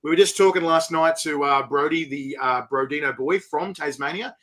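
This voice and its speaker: Excitable Australian man hosting. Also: a little high, normal speed. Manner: excitable, rambling with many fillers. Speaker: host. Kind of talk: casual interview chat. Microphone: video call.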